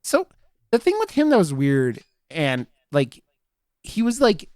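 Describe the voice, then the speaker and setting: A man's voice: on the high side, huge pitch swings, a little slow, darkish tone, no echo, studio quality. A man co-hosting a horror podcast, chatting casually about a film and often restarting his sentences with fillers. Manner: rambling, full of fillers and restarts. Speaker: podcast co-host. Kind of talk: casual movie review chat.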